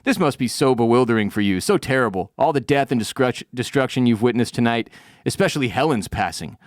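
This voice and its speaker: A man putting on the voice of a calm, overly polite middle-aged male official, speaking in a soothing, reassuring way while retelling a scene. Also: mid-range voice, a little fast, dry recording, clean studio sound, lightly acted. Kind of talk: acted quote in a podcast recap.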